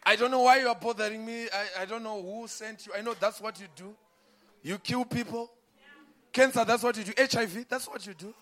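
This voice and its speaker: A man preaching a sermon, moving from quiet talk to loud, shouted climaxes. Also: high voice, fairly quick, slight background noise.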